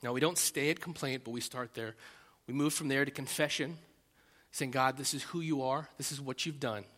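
A man preaching a sermon as pastor, animated, acting out loud rising prayers and often restarting his phrases. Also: medium pitch, moderate pace, big-room sound.

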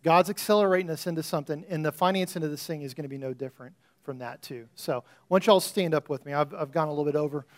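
A man's voice: fairly high pitch, quick pace, few pauses. A man preaching to his church, telling stories casually before leading a fervent prayer over the offering. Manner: conversational, storytelling preacher, rising into fervent prayer. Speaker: pastor. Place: church sanctuary before a congregation.

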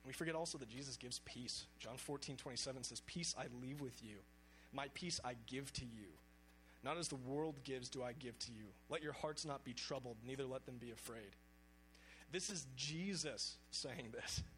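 A man's voice: mid-range voice, moderate pace, a bit bright, slight background noise, rough recording. A man preaching a sermon, speaking earnestly and reading scripture aloud with emphasis.

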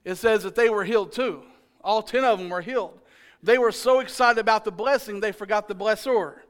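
A man delivers an animated sermon in a remarkably high voice, joking with and teasing the congregation in a playfully exasperated way. He talks fairly quickly and climbs into loud, forceful shouts to drive every point home.

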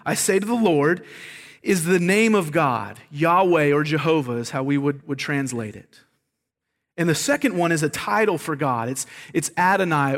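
A man's voice: fairly high pitch, a bit bright. A man preaching a sermon as pastor, earnest and emphatic, often repeating words as he makes a point. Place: church sanctuary. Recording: long reverb of a large hall.

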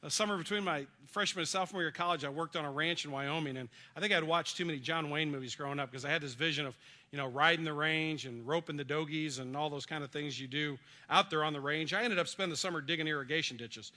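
A middle-aged man preaching a sermon, telling personal stories earnestly and dropping to a soft voice for words of comfort. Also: a little high, fast talker. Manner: earnest storytelling, drops soft for quoted comfort. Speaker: pastor.

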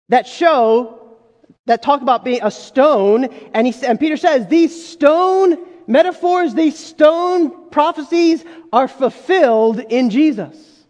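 High-voiced pastor preaching in a reverberant hall. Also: male voice, a little mellow. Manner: conversational preaching with asides to the congregation. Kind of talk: sermon. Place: church sanctuary.

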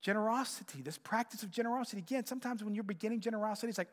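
A middle-aged man preaching a sermon, telling stories with animated swings and dropping to a near whisper on key points. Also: high voice, racing, few pauses, long reverb tail. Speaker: pastor.

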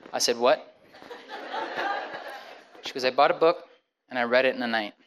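A young man tells his own story before listeners, like a testimony, at a medium, ordinary pitch. He acts out the back-and-forth dialogue and often stumbles over repeated words as he goes. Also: muffled recording, a little hiss or hum. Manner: animated, acts out the dialogue with many quick restarts. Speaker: speaker sharing a personal testimony.

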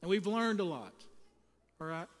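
A man's voice: sits high, animated, normal speed. A male pastor preaching to church volunteers, telling funny, folksy stories with emphatic delivery. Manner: humorous storytelling, folksy and emphatic. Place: church sanctuary. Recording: long hall reverb.

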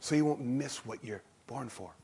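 A man preaching a sermon as pastor in a church, in an emphatic, animated way. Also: mid-range voice, normal speed, slightly rough. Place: church stage.

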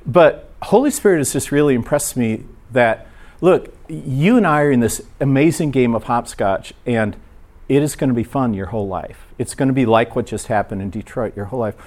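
A man preaching, telling a personal story in a relaxed, conversational way and acting out the voices of the people in it. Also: mid-range voice, normal speed. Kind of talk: sermon storytelling.

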